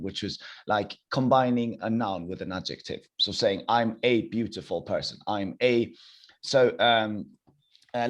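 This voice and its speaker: A young man teaching a live online language class over a video call, encouraging and repeating phrases slowly. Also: lowish voice.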